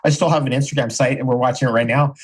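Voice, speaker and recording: A man's voice: medium pitch, fairly even intonation, rapid-fire, breathy edge, poor audio. A man speaking as a podcast guest in casual interview talk, emphatic and repeating phrases for stress.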